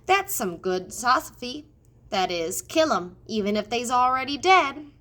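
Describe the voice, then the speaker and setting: Lady putting on a slow dim country servant girl, drawly. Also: on the high side, big pitch swings, fairly bright tone. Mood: agreeable. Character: slow-witted young serving girl, rustic.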